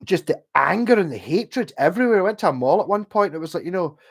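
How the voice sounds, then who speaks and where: A Scottish man in his forties with a slightly high voice, talking casually to a livestream audience. He rambles from story to story, swears freely and often leaves a sentence hanging before starting the next one. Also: expressive, fast talker, gravelly. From Scotland. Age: 40s. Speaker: livestream host. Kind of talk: casual chat.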